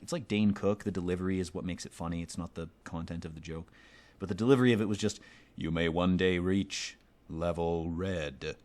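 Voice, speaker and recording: A fairly low-pitched man with a darkish tone plays a video game, offering casual, sardonic commentary that rambles and includes profanity, let's play style.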